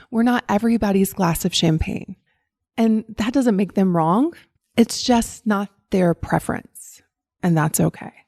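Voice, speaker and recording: A woman's voice: medium pitch, gravelly, darkish tone, dry recording, studio quality. A woman with a Southern US accent hosting a solo podcast, upbeat and encouraging, with a giggly laugh. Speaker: podcast host.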